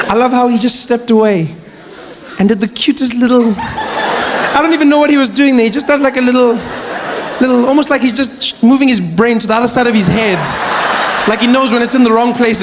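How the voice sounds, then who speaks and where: A man doing animated, mocking stand-up comedy. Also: very high voice. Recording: live venue with crowd noise. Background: audience laughter.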